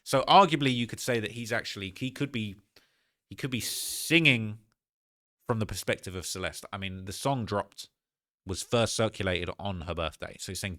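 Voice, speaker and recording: A man with a lowish voice gives reaction commentary, animated and emphatic, often repeating a phrase. The recording is dry and close, with no room sound. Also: normal speed, no echo. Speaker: commentary YouTuber.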